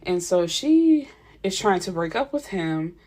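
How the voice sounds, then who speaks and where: Low-voiced woman recapping a book casually, laughs and cusses a lot. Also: very animated, a little slow, darkish tone. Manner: chatty, laughing, cursing freely. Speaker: book reviewer.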